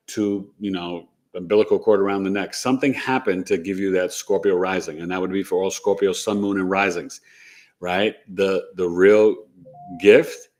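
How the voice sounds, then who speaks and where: On his astrology live stream, a man speaks in a low, slightly mellow voice. The talk is casual and wandering, with sentences often tagged by "right?"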